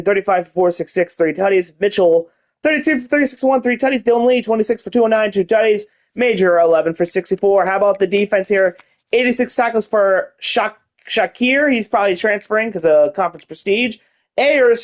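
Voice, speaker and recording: A man giving casual gameplay commentary on a college football video game, rattling off player stats and hyping his team in a mock announcer style, with the odd swear word. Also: high-pitched. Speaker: gaming YouTuber.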